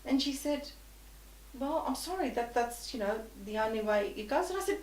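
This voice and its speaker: A woman's voice: high-pitched, expressive, moderate pace, far from the mic. A woman guest telling an anecdote in conversation, animatedly acting out both sides of the dialogue. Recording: echoey room.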